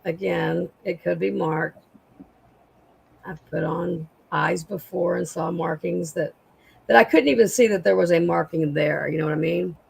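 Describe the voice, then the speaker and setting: A woman with a raspy voice, a guest seller chatting casually on a live sale and describing jewelry pieces. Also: fairly low pitch, unhurried, a little mellow, low-quality recording.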